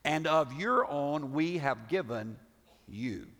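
A male pastor preaching a sermon, animated and full of rhetorical questions, often restarting his words. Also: fairly high pitch, takes it slowly. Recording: reverberant hall.

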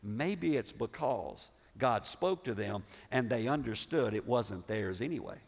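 A male pastor preaching a sermon, animated and full of rhetorical questions, often restarting his words. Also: medium pitch, measured pace, creaky. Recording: reverberant hall.

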